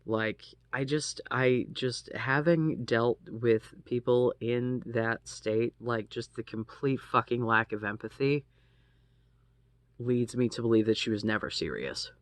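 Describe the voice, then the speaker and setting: Slow, halting man telling a story. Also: medium pitch, dry recording. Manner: halting, profane, many restarts. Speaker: vlogger. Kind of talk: casual storytime monologue.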